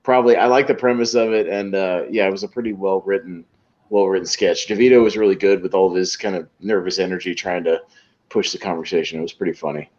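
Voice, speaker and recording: A man's voice: low-pitched, fairly even intonation, fast talker, darkish tone, lo-fi sound. A man co-hosting a podcast, chatting easily about comedy sketches and thinking aloud as he goes. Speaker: podcast co-host. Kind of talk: casual podcast chat.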